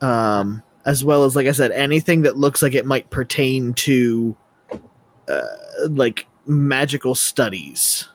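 A man's voice: mid-range voice, animated, a little slow. A man playing in a tabletop game, chatting casually in a rambling, hesitant way with many restarts. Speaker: player.

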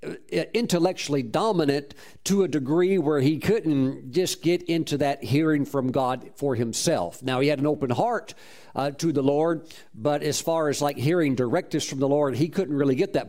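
A man's voice: on the high side, darkish tone. A man preaching a sermon as a pastor, telling a story with fervent praise and frequent restarts. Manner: repeats words while restarting phrases.

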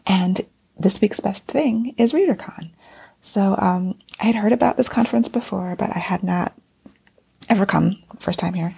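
A woman hosting her podcast in a casual, rambling monologue, hoarse because she is losing her voice. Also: fairly low pitch, dark tone. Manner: chatty, rambling with fillers and restarts. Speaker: podcast host. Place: at a convention, indoors.

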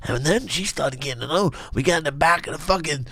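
A middle-aged man being interviewed, speaking haltingly, repeating himself and swinging between mumbling and loud. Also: fairly high pitch, breathy edge, no room sound. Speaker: guest. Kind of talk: casual interview.

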